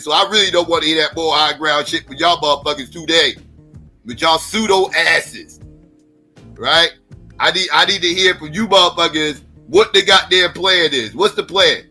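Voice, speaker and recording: A man hosting a live stream, talking bluntly and with plenty of profanity as he presses his audience for answers. His voice is bright and forceful, a little higher than most men's. Faint music plays underneath. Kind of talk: casual livestream talk.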